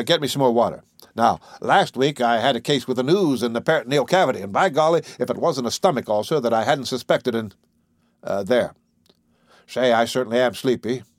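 Man doing gruff country doctor, brusque clipped orders, unflappable, audiobook reading, dry. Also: medium pitch, dry recording, natural voice.

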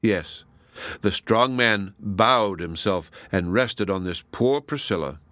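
A man reading a classic novel aloud as audiobook narration, in a measured, deliberate way. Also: fairly low pitch, lively intonation, fairly bright tone, dry recording. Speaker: audiobook reader. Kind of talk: scripted narration.

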